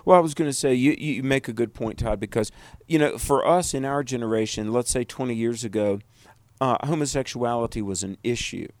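A man co-hosts a radio talk show and states his views in a firm, declarative way. His mid-pitched voice sounds dry and close. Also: brisk, a little mellow, dry recording. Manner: firm, declarative, interjects agreement. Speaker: radio co-host.

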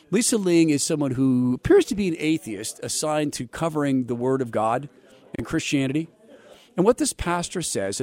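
A man's voice: mid-range voice, darkish tone. A man hosting a religious talk show, giving sarcastic, preachy commentary on soundbites and asking for donations. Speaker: radio show host.

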